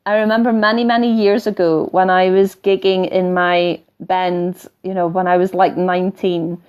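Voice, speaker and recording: A middle-aged woman with a softened Scottish accent, talking casually on a live stream as a spiritual teacher, wandering off topic and laughing now and then as she coaches viewers. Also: lowish voice, little pitch movement, normal speed, clean tone, muffled recording. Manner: chatty and digressive, laughing often, coaching tone. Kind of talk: live-stream talk, reading viewer comments.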